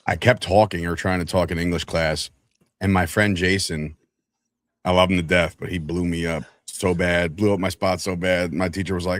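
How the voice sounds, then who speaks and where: Low voiced dude co-hosting a sports podcast, dry mic, animated storyteller. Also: male voice, normal speed, no room sound. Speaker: co-host. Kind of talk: casual sports chat.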